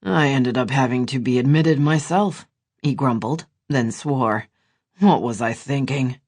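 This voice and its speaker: Man voicing gabriel, dry grumbly doctor brother, audiobook, mid pitch. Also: unhurried, a little mellow. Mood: grumbling. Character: Gabriel, wry injured doctor, younger brother.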